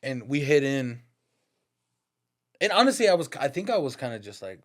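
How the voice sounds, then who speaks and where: A man's voice: medium pitch, sing-song, normal speed. Podcast guest, male, casual storyteller, loose and profane, heavy street slang. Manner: profane, slang-heavy, addresses listener as "dog"; laughs through his stories.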